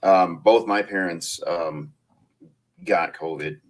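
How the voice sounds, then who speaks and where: A man hosting a casual podcast conversation, rambling with many pauses and fillers, laughing often. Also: low-pitched. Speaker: podcast host. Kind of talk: casual chat.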